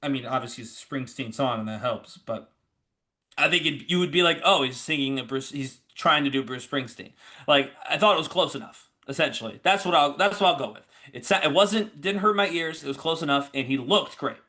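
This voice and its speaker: A man co-hosting a podcast in casual chat, animated and opinionated, laughing often as he talks. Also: a little high, fairly quick. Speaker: podcast co-host.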